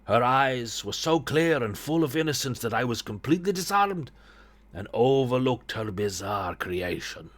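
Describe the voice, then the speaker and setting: A man's voice: mid-range voice, very animated, moderate pace, fairly bright tone. A man reading as a solemn young storyteller.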